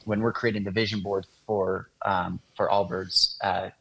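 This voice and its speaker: A man, an interview guest, explaining in a relaxed casual way with lots of fillers. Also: sits low, moderate pace, vocal fry, slightly rough, poor audio. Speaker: guest, design agency founder.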